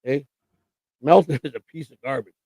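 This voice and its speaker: Man, gravelly voice, blunt profane rants, casual live-stream co-host, dry sound. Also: mid-range voice, brisk, warm tone, dry recording.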